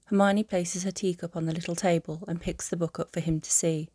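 A woman narrating a fan audiobook in a calm, even storytelling manner. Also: lowish voice, brisk, hardly any pauses, dry recording, clean studio sound.

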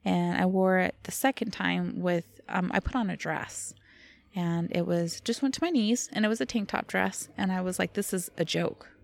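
A woman's voice: on the low side, moderate pace, creaky. A woman co-hosting a podcast, talking candidly and rawly about her feelings, swearing freely and laughing at herself. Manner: raw, confessional, swears freely, self-deprecating laughs. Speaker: podcast co-host. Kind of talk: candid casual chat.

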